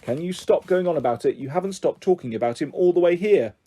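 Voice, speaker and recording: A man's voice: a little high, lively intonation, quick pace, dark tone. A man doing a pompous posh boy. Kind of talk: audiobook character voice.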